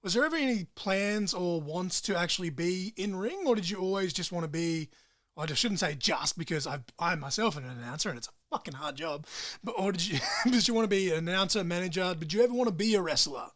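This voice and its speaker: A man's voice: sits high, animated, quick pace, a bit bright, dry recording, clean studio sound. A man hosting a podcast, asking questions and chatting in a laid-back way with casual swearing. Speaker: podcast host. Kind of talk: casual interview chat.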